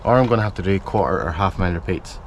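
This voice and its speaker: Casual low-voiced man thinking aloud. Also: fast, lo-fi sound, a little hiss or hum. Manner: rambling, thinks aloud, self-correcting. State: out of breath while running. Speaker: running vlogger. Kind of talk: casual self-filmed vlog. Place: outdoors, in a park. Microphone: handheld camera mic.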